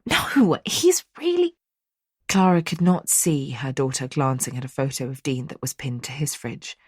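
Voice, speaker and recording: A woman narrating an audiobook in a measured storytelling manner, recorded close in a studio. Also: a bass voice, a little mellow, husky, no echo. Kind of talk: scripted narration.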